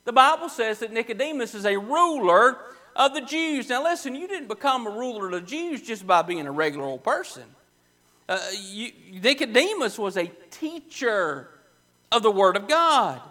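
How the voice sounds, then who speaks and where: High-voiced preacher. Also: male voice, sing-song, pushed and bright. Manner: emphatic preaching, repeating phrases with slow stressed words. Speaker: pastor. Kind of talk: sermon. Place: church sanctuary.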